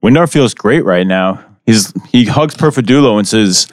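A man playing a tabletop role-playing game and talking about his character in a relaxed, offhand way. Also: on the low side, moderate pace, no echo, clean studio sound. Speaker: player. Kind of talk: casual tabletop game play.

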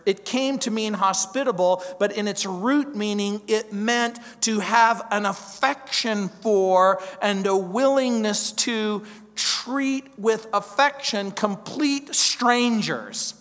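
A man's voice: high-pitched, slow, a bit bright, long reverb tail. A male pastor preaching a verse-by-verse sermon, emphatic, stacking repeated phrases and rhetorical questions.

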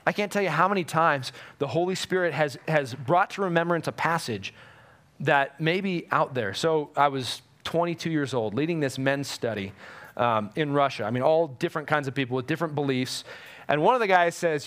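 A man's voice: fairly high pitch, expressive, moderate pace, fairly bright tone. A male pastor giving a conversational sermon and acting out quotes with animation.

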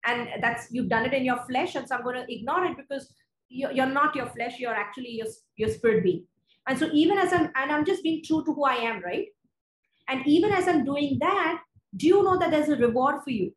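Polish: kobieta o wysokim głosie z indyjskim akcentem, pogłos w sali. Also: female voice, high voice, expressive, echoey room, a little hiss or hum, rough recording. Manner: earnest, conversational, reads scripture slowly and deliberately. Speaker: preacher. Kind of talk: sermon with scripture reading.

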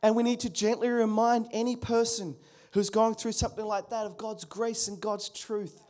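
A man's voice: high-pitched, level tone, normal speed, a little mellow. A pastor preaching a sermon earnestly, asking his congregation rhetorical questions and calling for their response.

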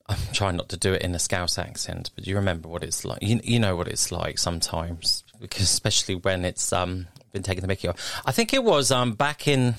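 A man's voice: low-pitched, fairly bright tone, clean tone, no echo. A man presenting a radio show from a studio, cheery and upbeat with chatty asides.

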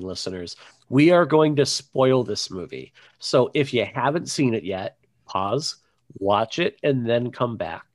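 A man's voice: medium pitch, very animated, unhurried. Joking male podcast host. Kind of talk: casual film discussion.

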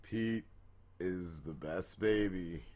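A man co-hosting a comedy podcast, tossing in quick jokey interjections and finishing his co-host's sentences. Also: low-pitched, a little mellow. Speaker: podcast co-host. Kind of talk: casual comedic banter.

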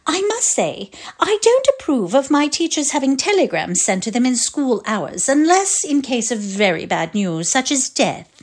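A woman reading the part of a prim, overly kind older headmistress with a measured, proper manner. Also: high-pitched, sing-song, pitched above the performer's own voice, heavily acted.

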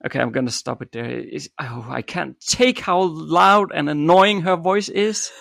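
A man's voice: on the high side, unhurried, creaky, fairly bright tone. A man co-hosting a podcast in casual chat, talking with hesitant ums and restarts, Danish his first language. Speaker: podcast co-host.

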